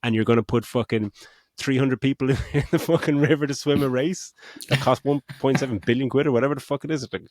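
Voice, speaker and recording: A man's voice: mid-range voice, fairly even intonation, fast talker, a little mellow, no room sound, studio quality. A middle-aged man, co-hosting a podcast and bluntly mocking a film's script in sweary chat. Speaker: podcast co-host. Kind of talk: casual film review chat.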